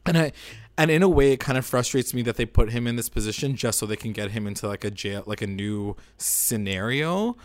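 A man's voice: medium pitch, expressive, fairly quick, no room sound. A man co-hosting a casual recap chat, rambling and opinionated, filling his talk with "like". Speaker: podcast co-host.

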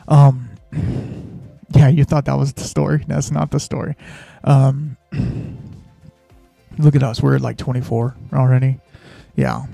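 A man's voice: medium pitch, creaky, mellow, husky, no room sound. A man hosting a podcast, telling a personal story in a rambling, casual way, full of fillers and restarts. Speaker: podcast host.

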